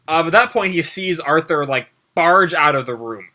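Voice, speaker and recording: A man's voice: on the high side, animated, normal speed, sharp tone. A man hosting a casual live reaction to a manga chapter. He recaps chattily with many fillers and asides, and reads the characters' dialogue aloud.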